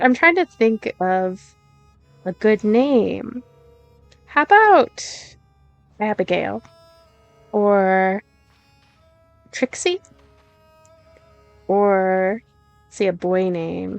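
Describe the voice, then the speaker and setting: Giggly young woman with a bright, high voice. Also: smooth, no room sound. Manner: bubbly, giggly, cooing at animals. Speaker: gameplay streamer. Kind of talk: casual let's-play commentary.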